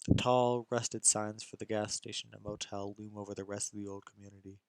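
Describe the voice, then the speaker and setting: A man's voice: on the low side, level tone, brisk, smooth, no room sound. A young man narrating a visual novel in first person, reading casually and often stumbling and restarting lines.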